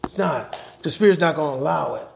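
A man's voice: a little high, expressive, brisk, creaky, darkish tone. A male pastor and chaplain preaching a conversational sermon in a church, checking in with the congregation with frequent "okay?". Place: church sanctuary. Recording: echoey church room, faint noise.

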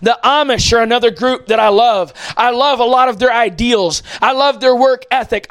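A man delivers a fiery sermon, his voice pitched strikingly high. He often rises into shouts. The sound is dry and close, with no room echo. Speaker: preacher.

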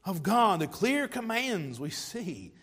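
A man preaching a sermon with emphatic delivery, stretching and rushing words for effect. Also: high-pitched, very animated, slightly rough. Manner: emphatic, varying pace and loudness for effect. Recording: long hall reverb.

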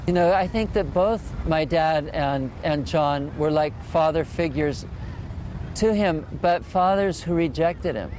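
A man in a documentary interview, recalling past events in a relaxed way. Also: a little high, a little slow, a little hiss or hum.

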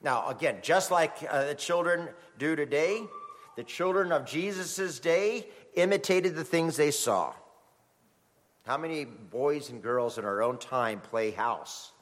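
A middle-aged man preaching a sermon as a pastor, telling stories in an animated way. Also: a little high, a little slow. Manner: animated storytelling, acts out quoted voices. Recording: long hall reverb.

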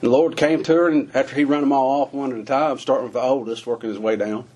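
Husky folksy man preaching. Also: mid-range voice, steady tone, fast talker, darkish tone. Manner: folksy, questioning, with rural American phrasing. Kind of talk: sermon.

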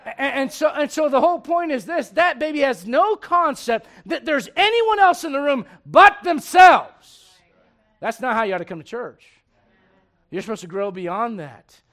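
Pastor, male, very high voice, lively sermon that swings from soft asides to shouting. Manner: animated preaching, swings from quiet asides to shouted emphasis; conversational, laughs with the congregation.

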